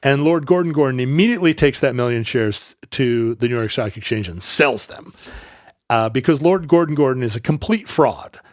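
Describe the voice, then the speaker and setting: A man's voice: medium pitch, lively intonation, moderate pace, no room sound, clean studio sound. A man co-hosting a podcast, telling a history story in casual chat, rambling and correcting himself, laughing easily.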